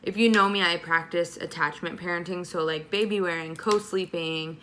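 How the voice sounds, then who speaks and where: Young pregnant woman vlogger, casual chatty Q&A delivery, lower-pitched, faint room hum behind. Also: fairly even intonation, moderate pace, fairly bright tone. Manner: chatty, many ums and likes. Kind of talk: casual Q&A vlog.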